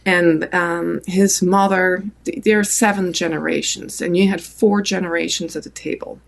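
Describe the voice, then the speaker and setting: A middle-aged woman with a French accent tells a long story in an interview, her voice gravelly with fry at the ends of phrases. She is animated and talks at a middling pitch. She keeps circling back with fillers and restarts. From France. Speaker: photographer guest.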